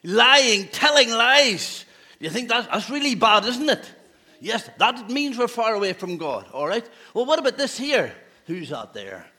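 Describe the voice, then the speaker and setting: Man, pastor, children's talk, playful questions, bright tone. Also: high voice, big pitch swings, moderate pace. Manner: playful, asks children questions, laughs often. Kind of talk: children's talk in a church service.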